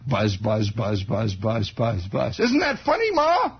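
A man with a gravelly voice voicing an excited, naive eight-year-old boy who squeals and repeats his words. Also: lowish voice, unhurried, exaggerated voice. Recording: dull lo-fi recording.

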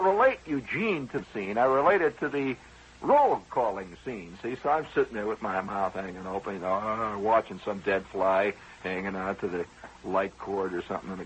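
A man's voice: lowish voice, normal speed, husky, lo-fi sound. A man hosting a radio show, telling a rambling personal story in a conversational, wry way with frequent asides to his listeners.

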